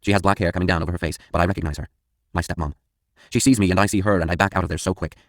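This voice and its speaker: Deep, fast-reading male narrator. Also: fairly even intonation, no room sound, studio quality. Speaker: audiobook narrator. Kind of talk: first-person audiobook narration.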